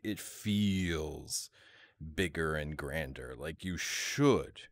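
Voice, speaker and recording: A man's voice: extremely low pitch, very slow, no room sound, studio quality. A man hosting a casual livestream chat, jokey and rambling, with many restarts. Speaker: host.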